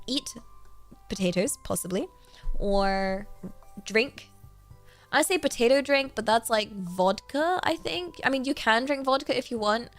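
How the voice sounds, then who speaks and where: A young woman from Britain, a streamer chatting casually in a bubbly, rambling, giggly way. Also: on the high side. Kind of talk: casual livestream chat.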